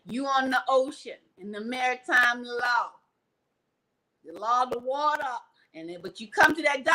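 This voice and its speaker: A woman's voice: sits high, pushed and bright, low-quality recording. A woman vlogger talking animatedly on a livestream, preachy and theatrical, acting out little scenes with props.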